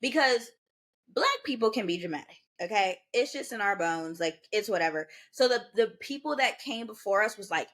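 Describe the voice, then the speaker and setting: A young woman in her twenties chats casually as a podcast co-host. She tells her story with energy, jumping into the voices of the people she quotes. Her pitch sits in the middle range for a woman. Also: normal speed. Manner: animated, acts out quoted voices.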